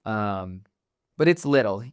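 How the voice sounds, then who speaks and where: A man's voice: lowish voice, expressive, slow, clear, resonant tone. A man playing a tabletop game, rambling casually with many fillers and restarts. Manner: rambling, filler-heavy, giggly. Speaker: player.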